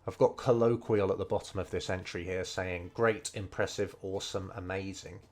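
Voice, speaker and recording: A man's voice: deep voice, fairly even intonation, darkish tone. A man casually thinking aloud as he studies Mandarin over gameplay, hesitant and full of fillers. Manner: slow, unhurried delivery. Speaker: streamer learning Mandarin. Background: faint game music.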